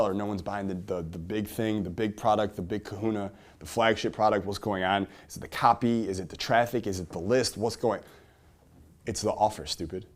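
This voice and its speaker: In front of a live audience, a man with a voice on the low side presents an energetic seminar. He keeps posing rhetorical questions, moving between loud, emphatic lines and quieter asides.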